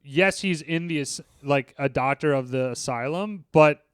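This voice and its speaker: A man's voice: on the high side, normal speed, fairly bright tone, clear, resonant tone, no echo, studio quality. A man hosting a casual movie review podcast, talking loosely and swearing now and then. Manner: loose, swearing, laid-back. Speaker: podcast host.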